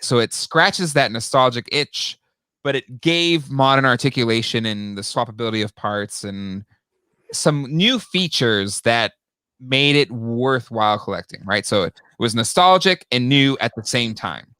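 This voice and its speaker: A man in casual conversation as a podcast co-host, with a bright, forceful voice. His pitch swings widely as he talks, and the sound is dry, with no room around it. He reads out listener comments along the way. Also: unhurried, clear, resonant tone, dry recording. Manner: animated, jumps high in pitch when exasperated. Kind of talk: casual chat.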